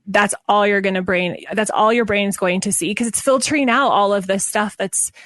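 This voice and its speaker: A woman speaking as a parenting coach guest in a podcast interview, earnest and animated, often restarting her sentences. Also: medium pitch, moderate pace, no echo, studio quality.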